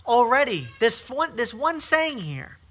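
High, very bright-voiced man preaching. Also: very animated, a little slow. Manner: emphatic, repetitive preaching with rising and falling intensity. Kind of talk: sermon.

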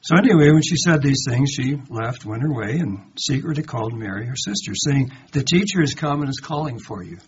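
A Bible teacher with a medium-pitched voice delivers a conversational Bible study sermon, talking fairly quickly with hardly any pauses. He reads verses aloud, follows them with rhetorical questions, and dramatizes the quoted lines in a lively voice. The recording is dull and lo-fi, with faint background noise.

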